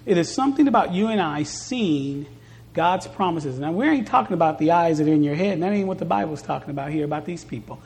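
A woman preaching a sermon at a church service, stressing points by repeating phrases and moving between soft and loud delivery. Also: on the low side, lively intonation, fast talker.

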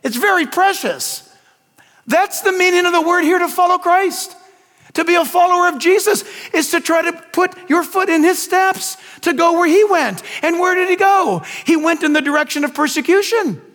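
A man's voice: very high voice, moderate pace, fairly bright tone, in a large hall. An older man preaching a sermon to his congregation, asking them questions and adding folksy asides about grandchildren. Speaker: pastor.

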